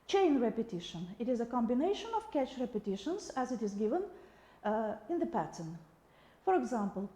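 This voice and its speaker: High animated Russian-accented woman lecturing. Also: fairly quick, reverberant. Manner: reads examples aloud, occasional uh and restarts. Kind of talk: recorded video lecture.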